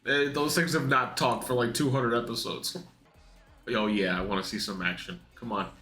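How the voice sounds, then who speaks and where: Excitable, profane young man reacting to anime. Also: mid-range voice, normal speed, soft background music. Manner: excitable, profane, laughing, mocking the characters in put-on voices. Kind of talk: casual reaction commentary. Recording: echoey room.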